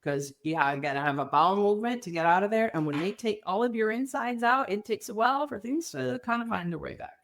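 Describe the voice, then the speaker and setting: A middle-aged woman, a podcast guest, telling her story candidly and acting out the quoted dialogue with lively voices. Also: mid-range voice, quick pace, few pauses. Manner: animated, acts out quoted dialogue.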